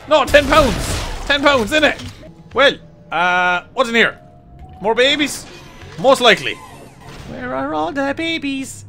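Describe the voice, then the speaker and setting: High, bright gamer yelling and swearing. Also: male voice, sing-song, slow pace, pauses often, soft background music. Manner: swears a lot and yells at enemies. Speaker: gaming YouTuber. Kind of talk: let's play commentary.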